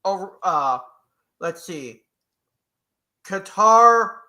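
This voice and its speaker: A man co-hosts a casual livestream chat in a high, animated voice that swings widely. He takes his time and sounds wry, with a bright, sharp edge to his tone. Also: extremely slow. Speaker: co-host.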